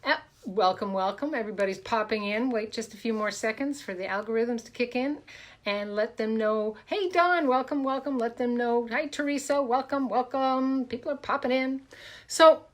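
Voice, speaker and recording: An upbeat woman coach hosts a live stream from a room at home, speaking in a slightly high voice. She talks casually into a webcam mic and keeps breaking off to greet her viewers by name, repeating her welcomes. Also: normal speed.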